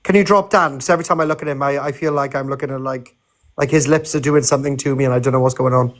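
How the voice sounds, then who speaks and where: A man's voice: medium pitch, steady tone, fast. A man throwing teasing jabs and defending a friend in live-stream banter.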